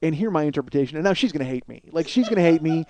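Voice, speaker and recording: A man's voice: a little high, expressive, very fast, dark tone. A man telling a rambling, profane, self-deprecating comedic story as a podcast host.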